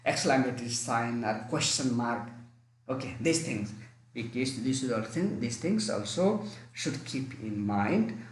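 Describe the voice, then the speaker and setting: A man's voice: medium pitch, expressive, measured pace, a little hiss or hum. A man with a Nepali accent teaching an online English lesson, repeating and restarting his phrases for emphasis. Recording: echoey room.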